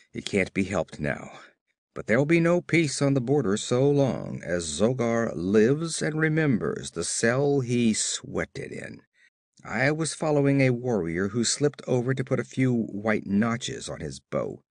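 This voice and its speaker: A man voicing a gruff, brawny barbarian warrior who talks in curt growls, read as an audiobook character. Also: medium pitch, very animated, measured pace, darkish tone, no room sound, studio quality.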